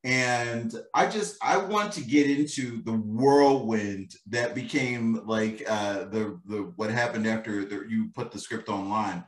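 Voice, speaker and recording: A man's voice: on the low side, unhurried, hardly any pauses, reverberant. A man co-hosting a podcast in casual chat, swearing freely, laughing and telling stories with animation. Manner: profane, laughing, animated storytelling. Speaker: podcast co-host.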